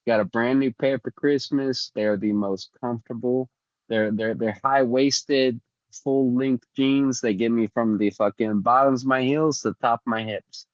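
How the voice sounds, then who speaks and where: Male co-host, mid pitch, profane and animated, dry slightly lo-fi sound. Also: unhurried, no echo. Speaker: podcast co-host. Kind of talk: casual chat.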